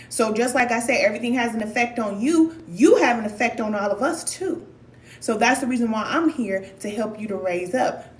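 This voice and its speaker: A woman's voice: a little high, reverberant. A woman from Missouri giving a blunt, emphatic motivational talk as a spiritual life coach.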